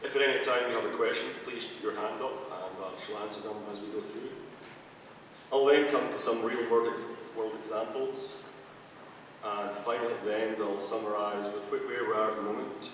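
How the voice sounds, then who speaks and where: A Scottish man with a cold lectures in a slightly low voice, laying out technical points one at a time. He sounds distant in a large, very echoey hall with a long reverb. A steady low rumble sits underneath. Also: normal speed. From Scotland. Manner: methodical, explaining step by step. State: has a cold. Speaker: conference speaker. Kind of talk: technical conference presentation.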